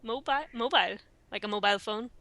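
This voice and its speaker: A woman chatting excitably and teasing others as a podcast co-host. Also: fairly high pitch, quick pace, no echo. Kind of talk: casual chat.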